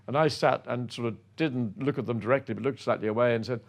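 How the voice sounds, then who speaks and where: An older man with a gravelly, fry-tinged voice at an average pitch tells stories of his racing days. He is self-effacing and unhurried, speaking as a guest looking back. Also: fairly even intonation. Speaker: guest, former racing driver. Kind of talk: reminiscing anecdote.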